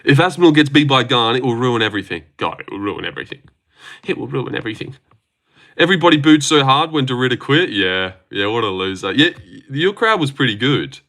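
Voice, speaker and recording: A man with an Australian accent talks through a livestream in loose, rambling chat, answering viewers as he goes. His voice is bright and forward. He is blunt and swears freely. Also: mid-range voice, lively intonation, a little fast. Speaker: MMA predictions livestreamer. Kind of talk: casual livestream chat reading viewer comments.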